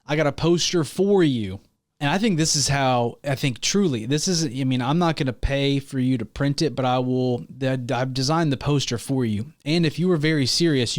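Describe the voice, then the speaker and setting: A young man hosting a solo comedy podcast, rambling and hyped as he pitches his plan to listeners with mock-rallying energy. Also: dry recording, studio quality. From Missouri. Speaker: podcast host.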